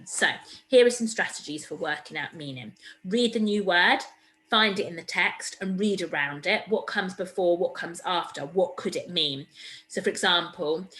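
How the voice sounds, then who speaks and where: A woman's voice: lowish voice, sharp tone, poor audio. A woman teacher giving a recorded reading lesson, encouraging and explaining step by step. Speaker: primary school teacher.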